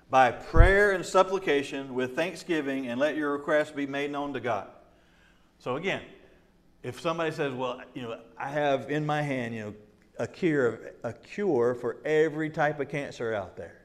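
A man's voice: a little high, moderate pace. A middle-aged man, a pastor, teaching a casual Bible study with humor, often laughing and acting out quoted voices.

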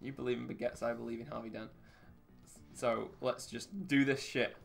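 A man's voice: mid-range voice, flat delivery, normal speed, creaky, soft background music. A man playing a racing game, rambling, laughing often and swearing a lot. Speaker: gamer commentating his play. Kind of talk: casual gaming chat.

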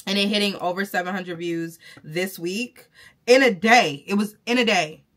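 A woman's voice: mid-range voice, moderate pace, a bit bright. A woman talking to her viewers in a casual vlog, chatty and effusive, full of fillers and restarts. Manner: effusive and emotional, talks straight to viewers. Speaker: vlogger and content creator. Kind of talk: casual vlog talk to camera.

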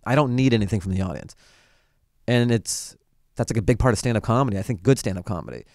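Low-voiced man telling a laid-back story. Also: fast, creaky, a little mellow, no echo, clean studio sound. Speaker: comedian guest. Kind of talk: casual podcast chat.

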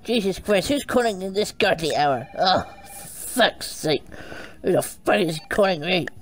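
A man doing gaming commentary, swearing constantly and yelping and shouting in panic as he plays. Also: sits high, expressive, a little slow, faint music behind. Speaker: gaming streamer. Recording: noisy, with game sounds behind. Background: game sounds.

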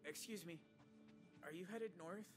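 An eager young runaway hitchhiking north in a story game. His voice is a bit high and pleading, with game music behind it. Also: unhurried. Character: young man hitchhiking, on the run.

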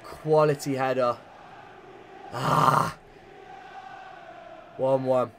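A man giving lively, chatty commentary over a football video game, cheering and shouting at the big moments. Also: mid-range voice, very slow, creaky, a little hiss or hum. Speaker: gaming commentator.

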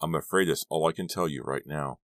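A guarded male police officer who gives short, noncommittal answers, as a man reads him. Very deep and clipped, close and dry. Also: fairly quick, a bit bright, no room sound. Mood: curt.

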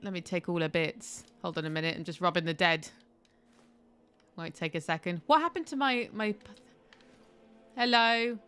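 A woman's voice: sits low, steady tone, brisk, a bit bright, clear, resonant tone. A woman live-streaming a game from home on a headset, chatty and swearing, with laughing asides.

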